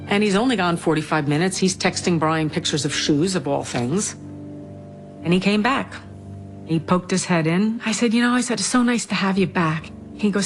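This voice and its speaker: Low-voiced grieving mother, halting. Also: soft background music. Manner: halting, grief-stricken retelling with restarts. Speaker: bereaved mother interviewed in a documentary. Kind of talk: documentary interview, personal account.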